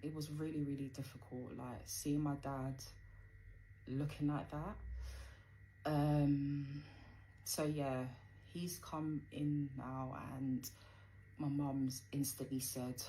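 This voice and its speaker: Low-voiced woman telling a story. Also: level tone, slow pace, warm tone, slight background noise, poor audio. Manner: conversational, frequent fillers, acts out quoted dialogue. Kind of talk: casual storytime narration.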